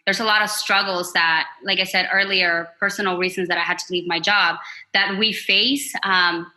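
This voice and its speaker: A woman talking as a podcast guest, sharing openly in a heartfelt, expressive way. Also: on the low side, moderate pace, low-quality recording. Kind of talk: casual interview chat.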